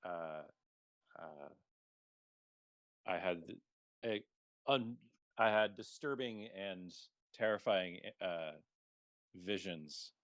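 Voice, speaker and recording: Deep-voiced hesitant male player. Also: a bit bright, dry recording. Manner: hesitant, halting, with restarts. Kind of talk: tabletop role-play.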